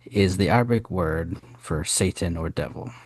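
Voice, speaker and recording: A man talking casually on a podcast, animated and emphatic, laughing as he explains. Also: low voice, normal speed.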